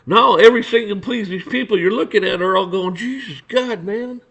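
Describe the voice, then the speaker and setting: A man's voice: high-pitched, quick pace, gravelly, fairly bright tone. A man hosting a casual ranting monologue, blunt and profane, stammering through restarts and acting out his run-ins with officials. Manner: acts out dialogue with officials. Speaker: podcast host.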